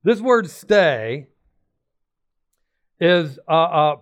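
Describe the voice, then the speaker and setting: A male pastor preaching a sermon, emphatic and excitable, repeating phrases and bursting into sudden shouts. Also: high voice, moderate pace, muffled recording.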